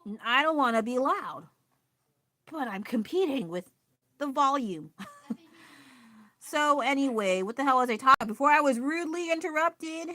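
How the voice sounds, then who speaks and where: A woman's voice: high-pitched, expressive, moderate pace, pauses often, sharp tone, dry recording. A woman chatting casually on a livestream from home, ranting with frequent laughs and swearing. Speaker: livestreamer and painter. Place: at home with her child nearby.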